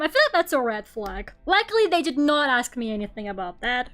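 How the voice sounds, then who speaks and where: High-voiced young woman with a Russian accent. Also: sing-song, quick pace, few pauses, a bit bright. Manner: rambling, laughs often, lots of fillers. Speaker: streamer. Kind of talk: casual chat while drawing on stream.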